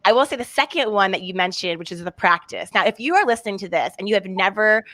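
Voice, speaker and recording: Bright, enthusiastic woman hosting an interview. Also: medium pitch, lively intonation, dry recording. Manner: enthusiastic, chatty, quick to agree and laugh. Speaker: host. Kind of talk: interview on leadership. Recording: dry, close sound.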